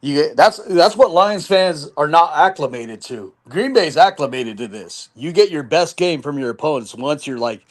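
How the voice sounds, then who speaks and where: A man's voice: fairly high pitch, animated, normal speed, hardly any pauses. A man co-hosting a casual sports talk show who laughs often and talks crudely about rival fans. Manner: laughing, crude, keeps saying you know what I mean.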